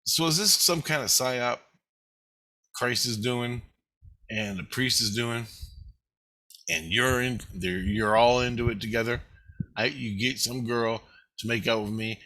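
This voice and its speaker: A man's voice: mid-range voice, measured pace, pauses often, pushed and bright. A man talking straight to the camera in a rambling monologue, agitated and swearing constantly. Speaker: vlogger. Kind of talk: rambling first-person monologue.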